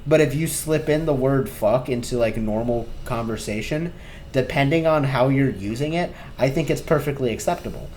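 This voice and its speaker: American guy rambling on a podcast, thinking out loud, faint typing behind him. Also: mid-range voice, moderate pace, a little hiss or hum. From United States. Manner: rambling, hesitant, thinks aloud. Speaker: podcast co-host. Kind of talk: casual comedy podcast chat.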